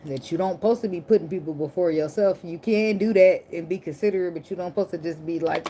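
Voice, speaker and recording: A woman's voice: lowish voice, fast, hardly any pauses, dark tone. A woman giving a casual tarot reading to camera, blunt, profane and joking, indoors at night under a ring light. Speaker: tarot reader. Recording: clear background noise of clicks and shuffling cards.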